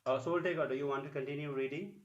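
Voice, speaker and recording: A man's voice: fairly high pitch, steady tone, very fast, muffled recording. A man from the Bengal region of India with a Bengali English accent, teaching an online spoken English lesson and repeating sounds with many fillers. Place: home, cooking while teaching.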